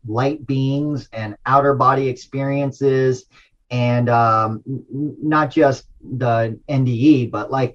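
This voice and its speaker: Rambling, excitable middle-aged man telling a story. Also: mid-range voice, lo-fi sound. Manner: rambling and excitable, with many restarts and apologies. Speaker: storyteller sharing a personal spiritual experience. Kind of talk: casual personal storytelling.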